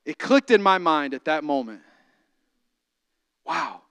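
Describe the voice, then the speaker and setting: A man preaching with a high, bright voice. He tells his story loosely, with fillers and restarts, then pushes into forceful preaching. The sound is close and dry. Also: big pitch swings, takes it slowly, creaky, clean tone, no room sound. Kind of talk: sermon with personal testimony.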